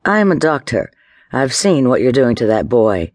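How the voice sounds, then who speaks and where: A man's voice: mid-range voice, sing-song, normal speed, no echo, clean studio sound. A man voicing a self-assured woman doctor with a German touch, speaking firmly and formally. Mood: commanding. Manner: firm, commanding and formal.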